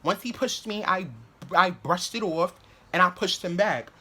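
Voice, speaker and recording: A man's voice: sits high, measured pace, background noise. Slangy, profane young man. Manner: animated, slangy, profane, rambling with restarts. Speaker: vlogger. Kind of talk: casual storytelling to camera.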